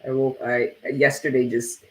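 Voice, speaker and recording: A man's voice: medium pitch, little pitch movement, normal speed, a bit bright, reverberant, low-quality recording. A man hosting a tarot live stream, chatting casually and bluntly with plenty of swearing while reading viewer comments aloud. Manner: casual, blunt and profane, lots of "like".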